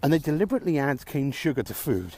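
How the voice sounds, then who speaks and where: A man vents to camera in a ranting vlog, frustrated and sarcastic, swearing as he goes. His pitch swings widely from high to low. A faint hiss sits under the recording. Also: very animated, quick pace, warm tone. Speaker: vlogger.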